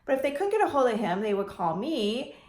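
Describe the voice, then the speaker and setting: A woman from the Detroit area giving casual advice as a landlord vlogger, chatty and animated, acting out phone calls in quoted voices. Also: on the high side, a little fast. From Detroit area, United States. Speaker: landlord and real estate investor vlogger. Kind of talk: casual talking-head advice vlog. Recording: echoey room.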